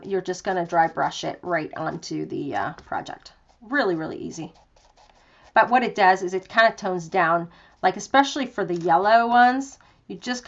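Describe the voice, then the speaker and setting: A chatty young woman walks viewers through a craft project in a casual live tutorial, filling her talk with ums and little jokes at her own expense. Her voice sits at a middling pitch, and the webcast audio sounds a bit dull and lo-fi. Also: a bit bright. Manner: chatty, self-deprecating, lots of fillers. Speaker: craft demonstrator. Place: home craft room.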